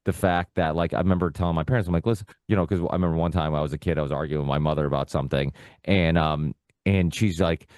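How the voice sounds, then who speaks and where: A young man from the United States, from a Portuguese immigrant family, guests on a podcast and tells stories loosely and ramblingly, full of "you know" and "like." His voice is rumbling low and darkish, fairly even in intonation, and quick. The studio-quality recording has no room sound.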